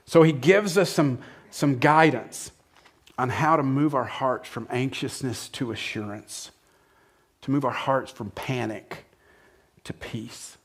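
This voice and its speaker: A man's voice: medium pitch, takes it slowly, slightly rough. Man preaching a conversational sermon. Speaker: pastor.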